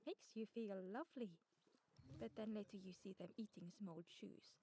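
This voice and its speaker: A woman voicing a wry orchard-keeping woman who feeds pigs, with dry, deadpan humor in video game dialogue. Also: medium pitch, moderate pace, a little hiss or hum, natural voice.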